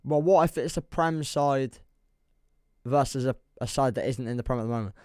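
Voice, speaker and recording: A man's voice: medium pitch, normal speed, darkish tone, no echo, clean studio sound. A young man with an English accent chatting casually on a football livestream, rambling and laughing as he reads the chat. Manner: rambling, self-deprecating, reads chat aloud, laughs often.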